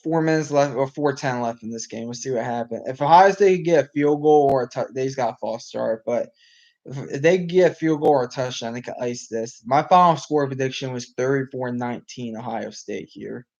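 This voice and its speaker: A man's voice: medium pitch, fairly quick, darkish tone, muffled recording. A man casually talking sports as host, rambling with frequent restarts and filler, his voice getting worn out. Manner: rambling, restarts, many ums, reacts to live game. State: losing his voice. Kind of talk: casual live sports talk.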